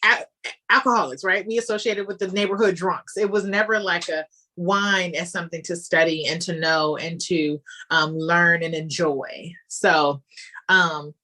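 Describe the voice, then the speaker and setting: Woman guest chatting away, bright tense voice, lots of um and like, animated. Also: lowish voice, unhurried. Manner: animated and chatty, with frequent fillers. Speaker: guest, wine business founder. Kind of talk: casual interview answers.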